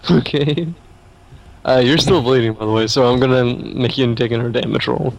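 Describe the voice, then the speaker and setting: A man's voice: medium pitch, steady tone, moderate pace, vocal fry, rough recording. A man running a tabletop game as game master, easygoing and loose in his narration, laughing often.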